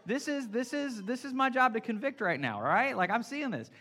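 A man preaching a casual, playful sermon as pastor, energetic and talking straight to his congregation. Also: very high voice, a little fast. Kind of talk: conversational sermon.

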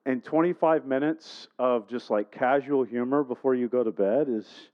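A man's voice: medium pitch, moderate pace, muffled recording. A man preaching a sermon, telling a personal story in a conversational way and putting questions to the congregation. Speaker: pastor.

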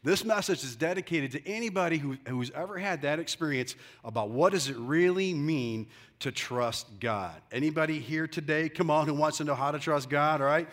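A man preaching a lively sermon to his congregation, joking and calling on the crowd to respond, on a brightly lit church stage. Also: a little high, moderate pace. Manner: energetic, joking, calls on the congregation. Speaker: pastor.

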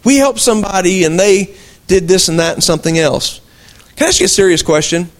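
A man's voice: sits high, brisk. A man preaching a sermon as pastor of his church, folksy asides and rhetorical questions to the congregation. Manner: conversational preaching, rhetorical questions, emphatic swings.

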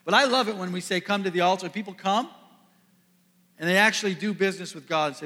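A pastor from the Midwest preaching a sermon to a congregation, earnest, building to emphatic peaks and dropping soft. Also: male voice, high-pitched, fast. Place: church sanctuary. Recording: long reverb of a large hall.

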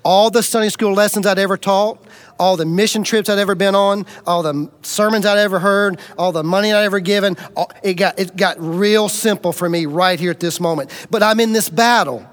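A man with a notably high voice delivers a storytelling sermon to his congregation. He speaks plainly, with folksy humor, and he is middle-aged. His delivery swings from loud, emphatic bursts down to hushed, earnest intensity. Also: a little fast. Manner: dramatic, shifts between loud bursts and quiet intensity. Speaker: preacher.

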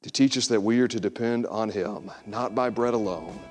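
A man's voice: lowish voice, moderate pace, music in the background. A man preaching a sermon, earnest and building to emphatic exhortation. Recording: long hall reverb.

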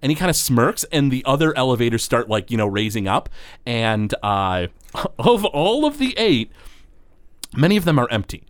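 A man's voice: mid-range voice, sing-song, moderate pace, no echo. A man running a tabletop game as game master, narrating with lots of fillers. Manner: rambling, many fillers.

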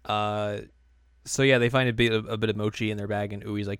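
Smooth-voiced young man recapping a show. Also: lowish voice, brisk, no echo, studio quality. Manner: animated storytelling, jumps into quoted voices. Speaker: podcast co-host recapping an anime. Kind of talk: casual chat.

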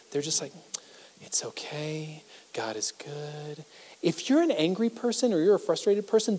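High-voiced male pastor in reverberant hall. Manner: conversational, self-deprecating, swings from loud to hushed. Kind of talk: sermon. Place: church sanctuary.

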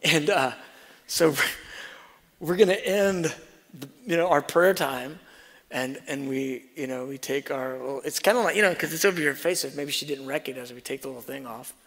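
A man preaching a sermon, telling a personal story and swinging between soft asides and loud emphasis. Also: a little high, normal speed. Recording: reverberant hall.

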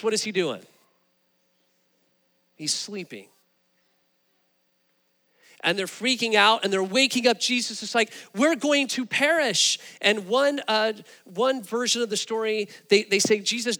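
A man preaching a sermon, telling stories with animated, rising emphasis. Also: high voice, unhurried, pauses often, big-room sound. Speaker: pastor.

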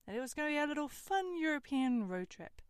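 A woman's voice: high voice, very animated, fast talker, dry recording, studio quality. Sardonic young woman telling a story. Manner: candid, sardonic, swears freely. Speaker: host. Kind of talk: storytelling monologue.

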